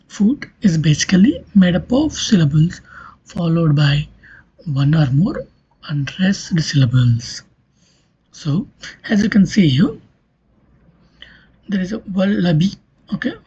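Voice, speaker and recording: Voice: medium pitch, dark tone, breathy edge. A lecturer, explaining a topic step by step, repeating key terms and saying "okay" often, on a dull lo-fi recording. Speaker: linguistics lecturer. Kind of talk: recorded exam-prep lecture.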